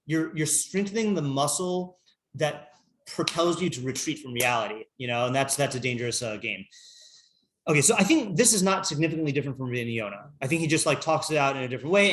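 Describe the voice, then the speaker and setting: A man's voice: on the high side, a bit bright. A rabbi leads a small morning study class at a conversational pace. He reads Hebrew lines, then explains them in English while thinking aloud, full of fillers and restarts. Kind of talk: casual Torah class.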